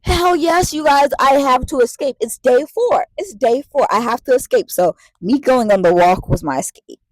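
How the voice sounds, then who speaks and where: Late-twenties woman vlogger, slightly high voice, dry close sound, animated, swears a lot while venting. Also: moderate pace, no echo, poor audio. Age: late 20s. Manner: animated, profane, repetitive venting. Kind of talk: casual storytelling to camera.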